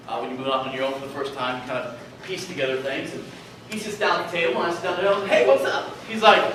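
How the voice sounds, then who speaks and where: A man in his thirties giving a youth retreat sermon, telling personal stories in a conversational, animated way. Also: a little high, slight background noise. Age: 30s. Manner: storytelling, conversational, animated asides. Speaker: youth speaker. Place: large hall at a retreat. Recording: echoey hall, voice from a distance.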